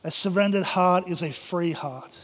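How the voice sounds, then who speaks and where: A man's voice: high-pitched, moderate pace, a bit bright. A man preaching a passionate sermon to his church, acting out prayers and quotes. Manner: impassioned, acts out prayers and quotes. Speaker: pastor. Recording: long hall reverb.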